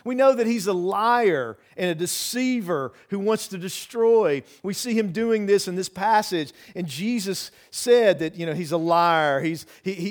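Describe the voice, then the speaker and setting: Male pastor, higher-pitched voice, conversational sermon with many "you know"s and restarts. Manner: earnest, with frequent repeated words and restarts.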